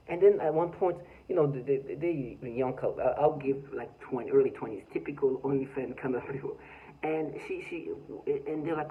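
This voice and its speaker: A man's voice: fairly high pitch, normal speed, phone-quality sound. A man talking by his front door in an agitated, rambling vlog monologue, full of stammered restarts and bitter laughs. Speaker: vlogger.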